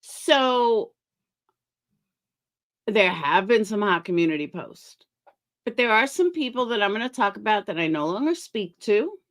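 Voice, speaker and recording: A woman's voice: medium pitch, very animated, unhurried, pauses often, fairly bright tone. A middle-aged woman hosting a casual livestream, chatting with viewers by name and making sarcastic asides. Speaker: livestream commentary host.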